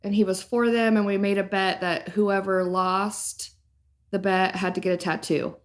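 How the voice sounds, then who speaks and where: A woman co-hosting a casual podcast, telling a long patient story at an easy pace. She laughs along at her own punchlines. Her voice sits at an ordinary mid pitch. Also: level tone, normal speed. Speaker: dental hygienist podcast co-host. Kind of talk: casual chat.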